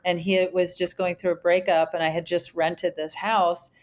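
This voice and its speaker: A woman's voice: lowish voice, flat delivery, moderate pace. A middle-aged woman co-hosting a podcast and telling a rambling story in a dry, casual way. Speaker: podcast co-host.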